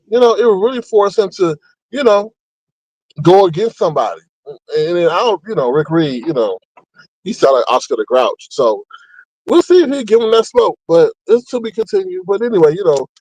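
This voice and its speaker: A man runs a casual gossip commentary, voice sitting high and leaping around as he mocks and acts out the people he talks about. The sound is dry and close, with no room around it. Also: moderate pace, no room sound, poor audio. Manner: animated, mocking, acts out quotes with big pitch jumps. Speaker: commentary channel host.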